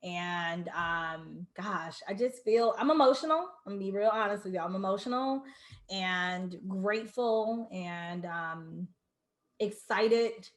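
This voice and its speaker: A woman's voice: on the low side, steady tone, slow. Woman hosting a live video party, gushy and emotional, greets everyone by name, echoey room. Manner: warm, emotional, effusive, greets viewers by name. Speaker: host of an online launch party. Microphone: video call.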